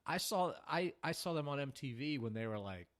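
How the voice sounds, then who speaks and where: A man's voice: on the high side, expressive, brisk, fairly bright tone. A man co-hosting a podcast, chatting casually and telling rambling stories with acted-out quotes. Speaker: podcast co-host. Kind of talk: casual chat.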